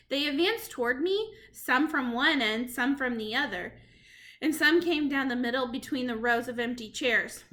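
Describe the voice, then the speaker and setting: A woman reading a storybook chapter aloud to children in an expressive, dramatic way. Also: sits high. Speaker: reader to children.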